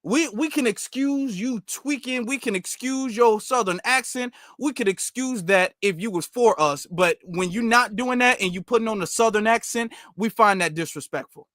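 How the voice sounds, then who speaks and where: A man hosting casual commentary in an animated, slangy, mocking way. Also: high voice, moderate pace, hardly any pauses, no echo, studio quality. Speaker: commentary channel host.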